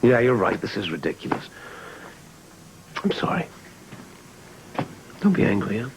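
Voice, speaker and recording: A secretive husband with a low, gravelly voice that swings widely in pitch. He is defensive and soothing by turns, in the manner of a 1980s TV soap opera. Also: very animated, measured pace, a little hiss or hum, poor audio. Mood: placating. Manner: defensive, placating, soothing apologies. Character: evasive husband, male club owner, secretive. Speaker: husband, club owner.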